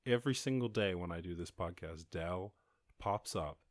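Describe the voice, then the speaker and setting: On his solo podcast, an Irish host goes off on the news headlines in a profane, rambling rant, laughing frequently and restarting his sentences. He has a low voice and talks at normal speed, recorded dry with clean studio sound.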